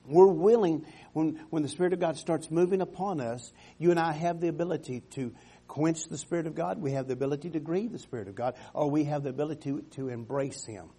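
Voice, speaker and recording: A man preaching a sermon with fervor, swinging from loud exhortations to soft, quiet passages. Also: on the high side, a little fast, husky. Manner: fervent, rising to loud exhortations, dropping to soft tones.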